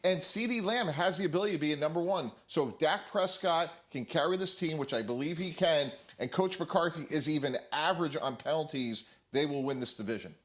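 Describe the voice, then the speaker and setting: Male TV analyst, lightish voice, confident, measured delivery. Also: a little high, fairly bright tone. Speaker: sports analyst. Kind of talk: television sports panel talk.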